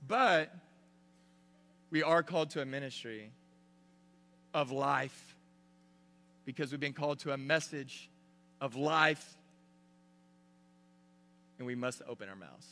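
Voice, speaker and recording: A middle-aged man, a pastor, giving an animated sermon full of storytelling. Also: medium pitch, takes it slowly, pauses often, long reverb tail.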